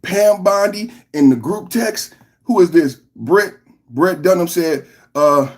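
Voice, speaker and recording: High-voiced ranting male podcast host. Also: slow pace. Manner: combative, ranting, rhetorical questions. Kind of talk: live political reaction, reading chat comments.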